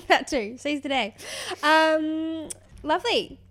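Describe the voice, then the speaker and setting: A woman's voice: high voice, takes it slowly, a bit bright. A young woman co-hosting a podcast, upbeat and playful in casual chat. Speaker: podcast co-host.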